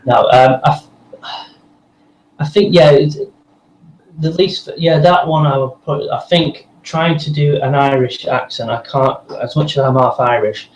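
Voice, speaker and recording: A male voice actor, appearing as a guest, chats loosely in a casual interview, rambling and restarting his sentences. His mid-range voice is a little mellow and a little slow, with fairly even intonation. The room is echoey with faint noise.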